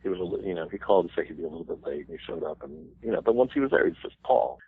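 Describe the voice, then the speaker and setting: An older man in his sixties with a very low, husky voice tells stories in a relaxed interview, breaking into laughs and quick bits of song. The sound is thin and phone-like, with a dry, close feel. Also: no echo. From United States. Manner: animated anecdotes with laughs and sung quotes. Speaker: banjo player, guest. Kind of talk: casual interview storytelling. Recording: thin phone-like radio line.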